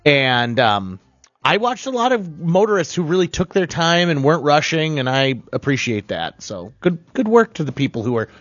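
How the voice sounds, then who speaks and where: A man's voice: on the high side, moderate pace, no room sound, lo-fi sound. A man, co-hosting a radio show, cracking dad jokes in casual chat. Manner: jokey, punning, lively. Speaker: radio co-host.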